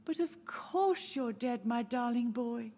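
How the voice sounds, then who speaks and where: A woman's voice: a little high, animated, slow pace, dark tone, heavily acted. An actress playing a frail, confused old mother who grieves for her dead children and speaks to them as if alive. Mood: gently deluded. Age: older. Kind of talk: game dialogue.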